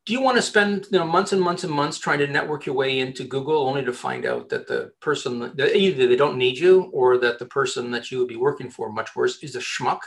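A man, a headhunter, giving job-hunting advice in a casual interview, talking in an animated way with many restarts. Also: mid-range voice, brisk, hardly any pauses. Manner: animated, chatty, many restarts and repeated words.

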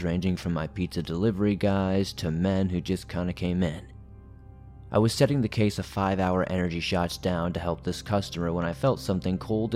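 Deep-voiced man narrating horror stories. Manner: steady, measured storytelling. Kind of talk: scripted horror story narration.

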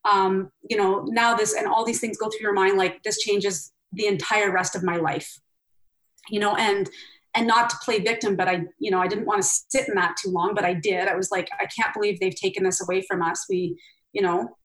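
A woman's voice: medium pitch, moderate pace, low-quality recording. A middle-aged woman, an interview guest, recounting a past competition candidly, acting out what people said, with many fillers. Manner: candid, animated, lots of fillers and acted-out quotes. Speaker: interview guest, former Olympic pairs skater. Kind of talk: emotional personal storytelling.

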